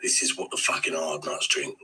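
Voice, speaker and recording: A man playing a foul-mouthed, swaggering hard-man beer reviewer in a comic clip, with a raspy voice. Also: extremely low pitch, completely flat delivery, fairly quick, bright, forceful tone, a little hiss or hum, voice pushed down, heavily acted, low-quality recording. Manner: swaggering, swears constantly.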